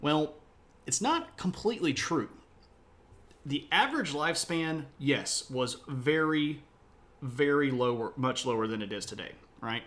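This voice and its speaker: A man's voice: on the high side, lively intonation, unhurried, fairly bright tone. A middle-aged man from South Mississippi, hosting a casual history livestream in a chatty, opinionated, rambling way. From United States (South Mississippi). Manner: chatty, self-described opinionated, rambling asides.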